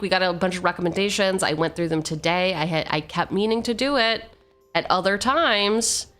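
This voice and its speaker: A woman's voice: on the low side, fairly bright tone. A woman streamer chatting casually with her viewers, rambling, joking at herself and reading card text aloud. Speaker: streamer opening card packs. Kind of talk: casual live-stream chat.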